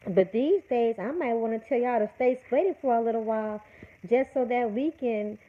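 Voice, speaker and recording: A woman's voice: on the high side, moderate pace. A woman hosting a livestream, scolding her chat in an emphatic, repetitive rant. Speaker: livestream host. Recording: tinny phone-like audio.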